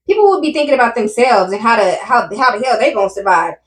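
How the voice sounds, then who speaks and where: High-voiced woman reacting emphatically. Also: lively intonation, quick pace, distant mic. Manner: emphatic, repeats herself, talks to viewers. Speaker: commentary host. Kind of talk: casual reaction commentary. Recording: roomy, a bit off-mic.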